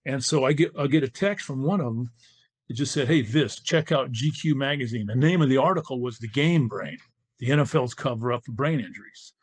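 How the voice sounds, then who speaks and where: A man's voice: medium pitch, animated, brisk. An older man from California, a former football player, telling his story as a podcast guest and acting out the dialogue he quotes.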